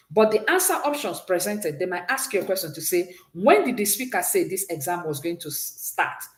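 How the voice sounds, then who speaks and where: A woman teaches a French exam-prep lesson with a mid-range voice, asking students to repeat words after her and praising each answer. She talks in a roomy, echoing space. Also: medium pitch. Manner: patient, praises often, drills pronunciation with repeat-after-me prompts.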